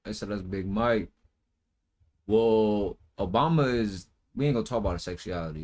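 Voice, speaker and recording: A man with a slightly low voice talks straight into his stream in a loose, slangy rant, swearing freely. He often breaks into high-pitched mocking impressions, and at times his voice drifts farther from the mic. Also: moderate pace, a little mellow. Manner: loose and profane, full of slang fillers. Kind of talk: casual reaction-stream rant.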